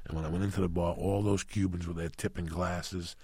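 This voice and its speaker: A man from New Jersey, a comedian guest, telling a profane story loudly and animatedly, acting out the voices of others. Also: sits low, brisk, breathy edge, no echo. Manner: loud, swearing, animated, re-enacts voices.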